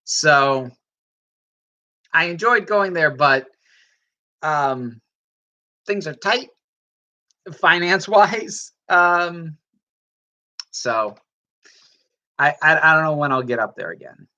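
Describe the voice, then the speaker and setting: A woman's voice: low voice, expressive, slow pace, pauses often, pushed and bright, lo-fi sound. A woman hosting a livestream, chatting casually and reading out viewer comments, rambling with frequent restarts. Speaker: livestream host reading chat. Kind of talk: casual chat.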